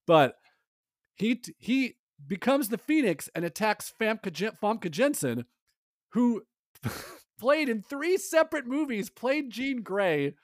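A man co-hosting a podcast in casual chat, animated and rambling, acting out lines from a movie. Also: extremely high pitch, slow pace, no echo, clean studio sound. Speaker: podcast co-host.

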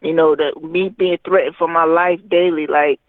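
A man with a notably high voice tells his story in a loose, rambling way, leaning on fillers. He comes through a tinny phone line with a dry sound and no room around it. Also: fairly even intonation, moderate pace, no echo. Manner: rambling, heavy with fillers like "you know what I mean". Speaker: guest, recording artist. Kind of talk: personal testimony in conversation.

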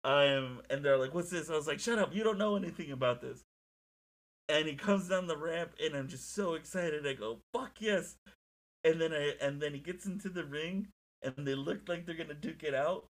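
A young man chatting casually as a podcast co-host, telling stories in an excitable, animated way with lots of swearing. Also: a little high, a little fast. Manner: excitable, profane, animated storytelling. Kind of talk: casual chat.

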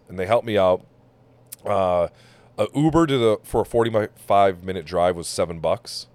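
A man's voice: deep voice, moderate pace, no echo. A man hosting a podcast, telling a travel story in casual chat, swearing and acting out the people he met. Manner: animated storyteller, swears, acts out quotes. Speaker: podcast host.

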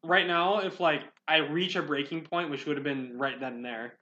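A man's voice: a little high, fairly even intonation, normal speed, pushed and bright. A young man co-hosting a casual podcast chat, eager and chatty, often chiming in. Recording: dull lo-fi sound.

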